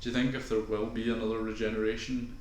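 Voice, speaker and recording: A man's voice: lowish voice, flat delivery, a little mellow. Male podcast co-host, jokey and sweary, room echo. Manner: joking, sweary, acts out quick quoted lines. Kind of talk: casual chat over a viewing. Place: home room. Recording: echoey room.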